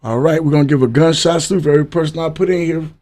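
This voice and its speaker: Man doing a live podcast stream, bit higher voice, chatty, talking to his viewers. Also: steady tone, racing, darkish tone. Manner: loose, chatty, talks straight to viewers. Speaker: livestream podcast host. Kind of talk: casual live-stream chat.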